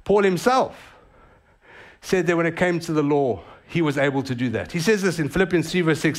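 Man, pastor, sermon, animated delivery, slightly high voice, casual asides. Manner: animated preaching with quick asides.

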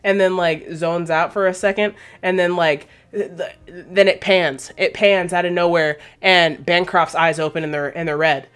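A woman co-hosting a casual podcast chat, retelling a film plot in a loose, profane, animated way. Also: lowish voice, normal speed, hardly any pauses, smooth. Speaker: podcast co-host.

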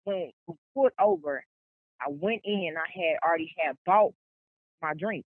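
A woman's voice: fairly low pitch, lively intonation, normal speed, slightly rough, dry recording, low-quality recording. A woman truck driver, a guest on a casual interview, telling her story in a rambling way with many "like"s and restarts. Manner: rambling, quotes people, frequent "like"s and restarts.

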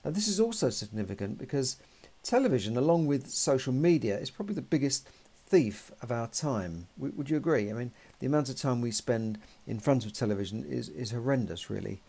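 A man's voice: mid-range voice, expressive, a little fast, gravelly, mellow, breathy edge. A man, talking in a rambling, conversational monologue full of "you know" and restarts. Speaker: podcast host. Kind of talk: casual monologue.

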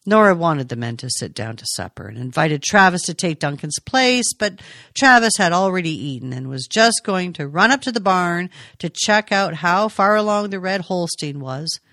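Woman, audiobook narration, lowish voice, very lively intonation, dry close sound. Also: no echo. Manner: measured and expressive. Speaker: audiobook reader. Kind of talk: scripted narration of a novel.

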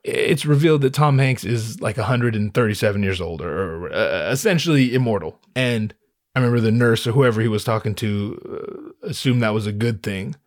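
A man's voice: fairly low pitch, fairly quick, dry recording, studio quality. A man in his thirties talking in a casual solo monologue, rambling and swearing, with frequent stammered restarts.

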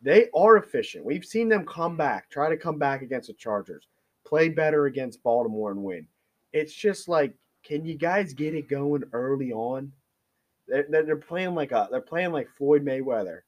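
A man co-hosting a sports podcast, giving his opinions in casual, animated banter. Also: a little high, normal speed.

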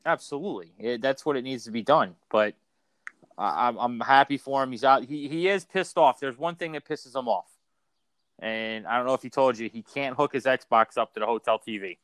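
A man's voice: mid-range voice, moderate pace, a bit bright, no room sound. A man co-hosting a casual podcast chat, rambling and swearing, with many restarts. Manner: rambling, profane, frequent restarts. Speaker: podcast co-host.

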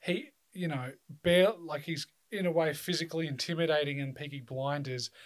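Man, slightly high voice, blunt opinionated co-host who swears a lot. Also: normal speed. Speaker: podcast co-host. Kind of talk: casual chat about films.

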